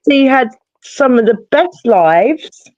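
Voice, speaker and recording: A host in a casual online chat, telling stories in a chatty, drawn-out way. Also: sits high, animated, no echo. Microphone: video call. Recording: dry, dull lo-fi call audio.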